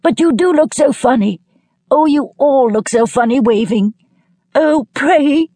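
A woman's voice: high-pitched, lively intonation, measured pace, mellow, no room sound, studio quality, pitched above the performer's own voice. A woman voicing a young woman who talks between helpless bursts of laughter. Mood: giggly. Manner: giggly, exclaiming.

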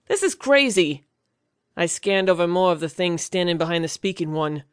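Guy narrating a fantasy audiobook, high smooth voice, tense and vivid, dry close mic. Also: little pitch movement, a little fast, dry recording.

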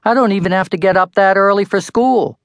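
A man voicing a whiny, huffy twelve-year-old boy in a high, exasperated voice, recorded dry. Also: slow, no echo.

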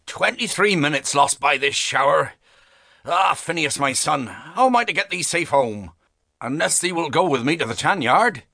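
Man performing a stern old Quaker tanner, brisk, bossy, animated, dry close recording. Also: fairly high pitch, creaky, dry recording, voice pushed up, exaggerated voice. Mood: fretful. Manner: brisk, commanding, old-fashioned plain speech. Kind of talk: audiobook character voice.

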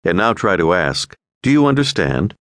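Measured male language-course narrator. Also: sits low, very animated, fairly bright tone, no echo, clean studio sound. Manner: clear, measured instructional delivery. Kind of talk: scripted audio lesson instruction.

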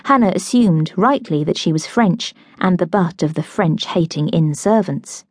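A woman reading a novel aloud in a measured, even manner. Her voice sits fairly low, and the close studio mic keeps the sound dry. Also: no room sound. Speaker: audiobook narrator. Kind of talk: scripted audiobook narration.

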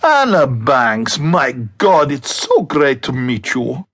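A man voicing a brash, excitable young show-off in an audiobook, loud and eager to impress. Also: mid-range voice, slow, husky, no echo, studio quality, exaggerated voice.

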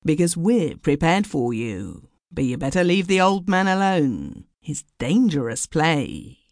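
A woman reads as a level-headed male inn guest in an old storybook tale. He speaks firmly and in warning, with an animated voice, recorded dry. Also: deep voice, measured pace, no echo, voice pushed up, exaggerated voice.

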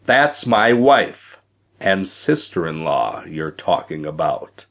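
A male narrator plays a young husband facing down a giant, wry and determined beneath his nerves. The voice sits low and unhurried in an audiobook reading. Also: big pitch swings, a bit bright, full character voice. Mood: defiant. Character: young married man, brave but nervous. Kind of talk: audiobook character voice.

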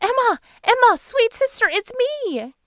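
A frightened, high-pitched young woman. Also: very animated, a little slow, fairly bright tone, no room sound, studio quality, heavily acted. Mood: overjoyed.

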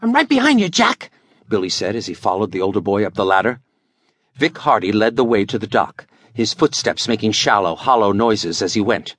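A man reading an adventure audiobook as scripted narration, with animated storytelling. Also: fairly low pitch, a little fast, no room sound.

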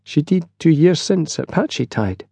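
A man's voice: on the high side, expressive, normal speed, creaky, mellow, breathy edge, no echo, pitched above the performer's own voice, exaggerated voice. A man voicing a small, wary, stubborn child, in an audiobook. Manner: small, blunt, defiant.

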